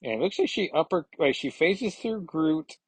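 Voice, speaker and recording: A man's voice: fairly high pitch, animated, breathy edge, no echo, rough recording. A man hosting a comic book podcast, casually reading through an issue with rambling commentary and lots of fillers. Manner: rambling, filler-heavy, reads dialogue in quick put-on voices.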